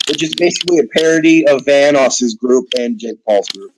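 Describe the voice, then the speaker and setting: A man's voice: mid-range voice, fairly quick, crowd noise, poor audio. A man hosting a casual online chat, rambling and steering the talk from topic to topic. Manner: rambling, restarts and hedges, leads the talk. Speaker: podcast host.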